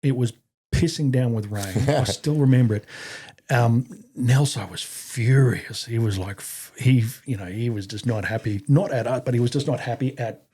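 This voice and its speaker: A man's voice: mid-range voice, moderate pace, slightly rough. A middle-aged Australian man, a podcast guest and army veteran, telling a story casually and profanely, acting out what others said. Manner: profane, animated, acts out quoted voices.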